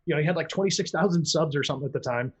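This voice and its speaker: Husky, foul-mouthed man ranting casually. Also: rapid-fire. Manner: blunt, foul-mouthed, rambling storyteller; acts out quoted voices with big pitch jumps. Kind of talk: casual podcast chat.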